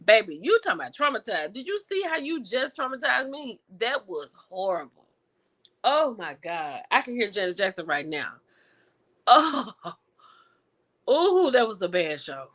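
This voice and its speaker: A woman hosting a livestream, chatting casually with her viewers and reacting with lively exclamations. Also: mid-range voice, normal speed, long pauses. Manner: animated and expressive, with exclamations; talks to viewers directly, reading and answering chat. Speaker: livestream host reviewing TV and film.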